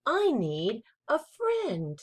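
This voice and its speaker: A woman voicing a lonely little female puppy looking for a friend in a children's picture-book read-aloud, slow and hopeful. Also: fairly high pitch, wildly swooping pitch, voice pushed up, exaggerated voice. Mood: eager.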